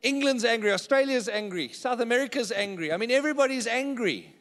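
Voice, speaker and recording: A man's voice: very high-pitched, lively intonation, a little fast, fairly bright tone, in a large hall. A man preaching a sermon in church, conversational and often checking in with the congregation. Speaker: pastor.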